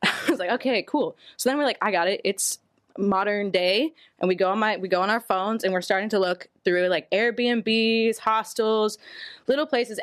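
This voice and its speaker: A woman's voice: medium pitch, dry recording. A woman telling a candid personal story to a podcast audience, casually and laughing as she goes. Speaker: storyteller guest.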